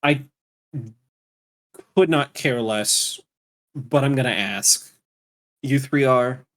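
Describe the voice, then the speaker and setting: A man at a tabletop game session, speaking his character's lines with dry sarcasm and weary exasperation. He talks unhurriedly, at a mid pitch. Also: takes it slowly, a bit bright. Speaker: player. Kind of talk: tabletop role-play in character.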